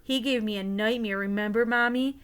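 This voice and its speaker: A woman voicing a whiny young boy in second grade, talking slowly and bluntly in a read-aloud story. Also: on the high side, steady tone, fairly bright tone, clean tone, close to an everyday voice. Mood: whining. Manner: slow, whining delivery.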